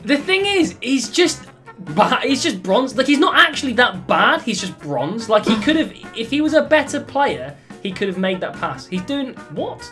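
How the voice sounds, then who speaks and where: Young gamer; animated, frustrated shouting and laughing over play, soft backing music. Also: male voice, very high voice, normal speed. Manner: loud exasperated outbursts and laughter. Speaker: gaming YouTuber. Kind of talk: excitable gameplay commentary.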